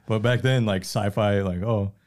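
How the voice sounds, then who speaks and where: A man co-hosting a casual podcast with a fairly low voice. He is laid back and retells stories in long, rambling runs. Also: brisk, a little mellow. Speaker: podcast co-host. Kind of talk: casual chat.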